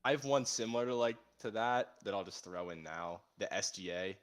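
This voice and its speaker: Easygoing young man, lowish voice. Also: a little fast, smooth. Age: young adult. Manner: easygoing, relaxed storytelling with filler "like". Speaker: podcast co-host. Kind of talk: casual chat.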